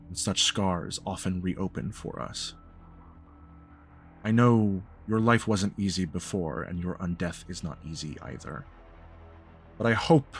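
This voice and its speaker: Cast: man doing an ancient vampire patriarch, cold, formal, low-pitched. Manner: measured, formal, grave.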